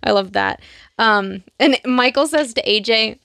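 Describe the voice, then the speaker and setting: A young woman co-hosting a podcast, chatting casually about a TV show and quoting lines with quick mimicry. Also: on the high side, fairly bright tone, no echo, studio quality. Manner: chatty, quotes lines in bursts of mimicry, many fillers. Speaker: podcast co-host.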